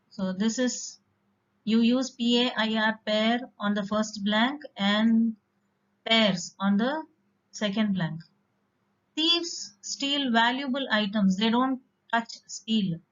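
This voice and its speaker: Woman teacher with a lo-fi sound. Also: a little high. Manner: patient, explanatory, uses fillers. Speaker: English teacher. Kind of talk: classroom lesson explaining vocabulary. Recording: dull lo-fi recording.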